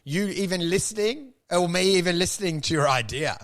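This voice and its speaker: A man, co-hosting a casual podcast chat, animated and swearing freely. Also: high-pitched, fairly quick. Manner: animated, swearing, swings into loud put-on voices. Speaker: podcast co-host.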